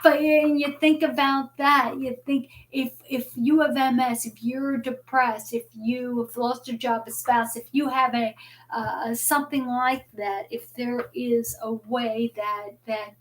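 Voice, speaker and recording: A woman's voice: on the high side, level tone, unhurried. A middle-aged woman hosting a live talk stream, rambling and often repeating words as she restarts her sentences. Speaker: host.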